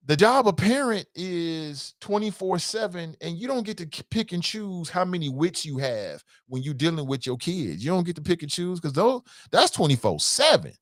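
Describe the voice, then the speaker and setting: A man's voice: on the high side, big pitch swings, moderate pace, no echo. A male talk show host speaks in a casual, slangy way, swinging his voice up and down as he makes his points. He repeats himself for emphasis and laughs easily. The sound is dry and close to the mic. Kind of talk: call-in show commentary.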